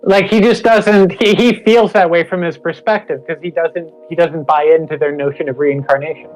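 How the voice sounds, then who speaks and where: A man's voice: fairly high pitch, steady tone, moderate pace, faint music behind, poor audio. A man joining a livestream remotely, chatting casually with playful, joking asides. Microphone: remote call.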